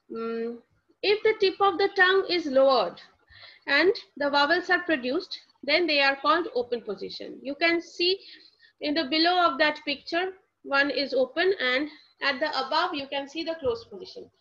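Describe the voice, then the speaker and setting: High bright-voiced woman teaching. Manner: explanatory, asks and answers her own questions; spells words out letter by letter. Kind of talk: lecture explaining phonetics to students. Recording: dull lo-fi recording.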